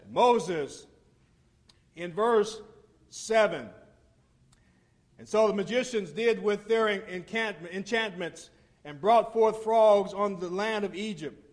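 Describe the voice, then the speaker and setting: A man preaching a sermon, retelling scripture with vivid, animated storytelling and frequent repetition. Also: high-pitched, slow pace, pauses often.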